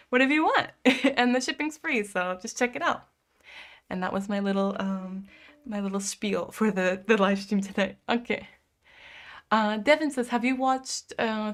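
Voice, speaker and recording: A young woman live-streaming from home, casually chatting and answering viewer comments with lots of "like" fillers. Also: medium pitch. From United States. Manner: chatty, frequent "like" fillers, soft cooing asides to her cat.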